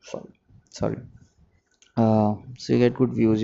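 A man's voice: on the low side, little pitch movement, measured pace, gravelly, dark tone. A man, a music producer, thinking aloud in a rambling, reflective daily monologue, sleepy and yawning. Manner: reflective, rambling, self-correcting. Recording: dull lo-fi recording, faint background hum.

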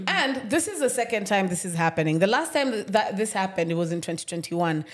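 A young woman with a Kenyan accent, a podcast co-host telling a story in casual chat, animated, swearing freely and slipping in Swahili. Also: mid-range voice, a little fast.

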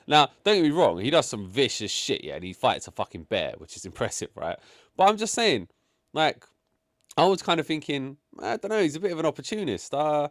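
A man's voice: mid-range voice, big pitch swings, fairly quick, a bit bright, no echo, clean studio sound. A man co-hosting a casual chat, giving blunt, sweary opinions with many fillers. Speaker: podcast co-host reviewing a film.

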